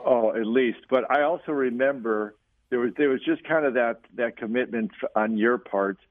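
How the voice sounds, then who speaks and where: Male coach, mid-pitch, teasing co-host, thin phone-line sound, dry. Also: normal speed, dry recording. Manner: teasing, encouraging interjections. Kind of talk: casual chat.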